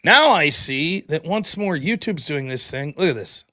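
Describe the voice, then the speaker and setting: A man's voice: fairly high pitch, expressive, unhurried, pushed and bright. A man hosting his own live stream, chatting casually in a rambling, self-deprecating way. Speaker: show host.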